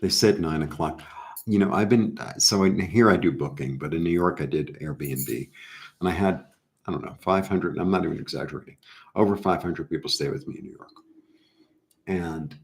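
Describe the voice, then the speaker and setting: A middle-aged man chatting casually through a live tarot reading, rambling with animated asides. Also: deep voice, brisk, vocal fry. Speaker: tarot reader.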